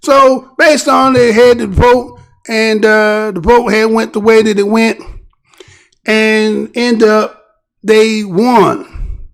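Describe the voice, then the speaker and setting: American male host with a high, creaky voice; casual, rambling news commentary. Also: fairly even intonation, slow pace. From United States. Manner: rambling, conversational, keeps asking "right?".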